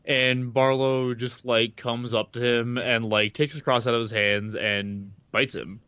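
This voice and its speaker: A man's voice: mid-range voice, steady tone, a little slow, bright, forceful tone, clear, resonant tone, no room sound, lo-fi sound. Rambling man recapping a book on a podcast. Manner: loose and rambling, with restarts and casual swearing. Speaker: podcast co-host. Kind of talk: casual chat recapping a book.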